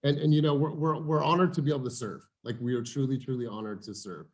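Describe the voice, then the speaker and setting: An energetic man hosting a motivational coaching call over video, calling on each team member and saying "you guys" often. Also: medium pitch, quick pace.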